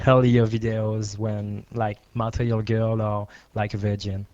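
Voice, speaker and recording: Halting male interviewer. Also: lowish voice, level tone, a little mellow. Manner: halting, searching for words, laughs nervously. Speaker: radio interviewer. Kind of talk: radio interview. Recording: dull lo-fi radio tape.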